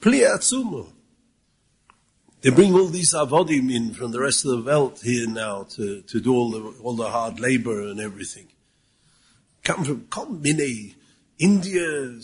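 His mid-range, husky voice swings widely in pitch while keeping a measured pace. In Yeshivish English mixed with Yiddish and Hebrew, he gives a Torah talk full of rhetorical questions and Hebrew quotations, at times getting louder to stress a point.

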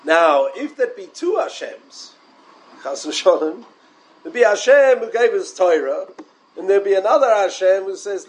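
Lively high-voiced man giving a Torah lecture. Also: a little slow, poor audio. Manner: animated, rhetorical questions, mixes Hebrew and Yiddish terms. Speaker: rabbi.

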